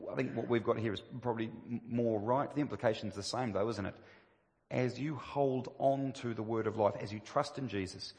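A man with a mid-range, darkish voice preaches at a moderate pace, emphatic and asking many rhetorical questions. He climbs upward to stress key phrases, and the recording has a church hall's long reverb.

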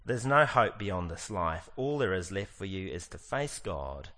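A middle-aged male pastor preaching, his voice sitting fairly low. He talks earnestly and drags out the words he wants to land. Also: big pitch swings, a bit bright. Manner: earnest, slows down to stress key lines. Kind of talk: sermon.

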